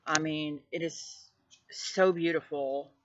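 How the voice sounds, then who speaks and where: A woman casually showing off her tarot decks, gushing with effusive praise and sometimes dropping to a hushed voice. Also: sits low, steady tone, slow pace, dull audio, noisy background. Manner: drops to a hushed voice at times. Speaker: tarot deck reviewer. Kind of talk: casual show-and-tell vlog.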